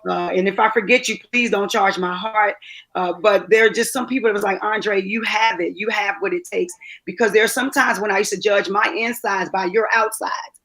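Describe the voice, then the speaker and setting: A woman actress shares a personal testimonial as a guest. She talks in a halting way, full of fillers and restarts, and her voice is close to tears. Her pitch sits in the middle range. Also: fairly even intonation, a bit bright. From DMV area, US. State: choked up, near tears. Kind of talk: emotional testimonial.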